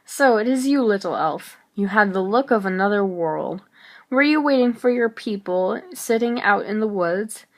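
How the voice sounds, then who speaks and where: A woman voicing a stern, brooding gentleman who speaks gruffly and teases dryly. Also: medium pitch, expressive, normal speed, natural voice. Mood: teasing.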